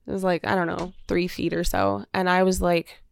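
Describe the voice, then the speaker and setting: A woman's voice: fairly low pitch, big pitch swings, normal speed, vocal fry, smooth. A woman co-hosting a podcast, chatting candidly and often laughing. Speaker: podcast co-host. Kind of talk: casual chat.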